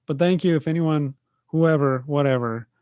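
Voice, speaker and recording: A man hosting his own podcast, telling rambling self-deprecating stories alone, with halting restarts. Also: fairly high pitch, a little mellow, clear, resonant tone, dry recording. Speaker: podcast host. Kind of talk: rambling solo monologue. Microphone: livestream mic.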